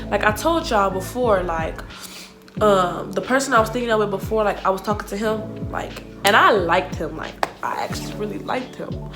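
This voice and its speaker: A young woman telling a casual storytime vlog, slangy and animated, acting out what others said. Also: mid-range voice, brisk. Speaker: vlogger. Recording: music playing behind the voice.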